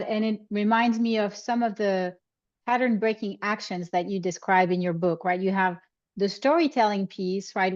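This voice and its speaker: A woman's voice: mid-range voice, darkish tone, no room sound. Podcast host woman, muffled dry sound. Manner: thinks aloud with many restarts. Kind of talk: podcast interview.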